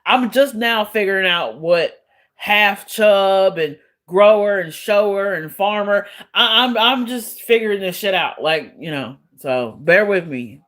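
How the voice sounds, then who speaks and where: A woman's voice: mid-range voice, expressive, unhurried, a bit bright. A woman live streamer chatting casually with her viewers, blunt and profane, often breaking into laughter as she answers trolls.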